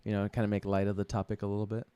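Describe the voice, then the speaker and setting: A man's voice: fairly low pitch, racing, smooth, dry recording. A man co-hosting a podcast in casual, jokey chat, rambling through ideas with filler words. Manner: jokey, rambling, lively intonation. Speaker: podcast co-host.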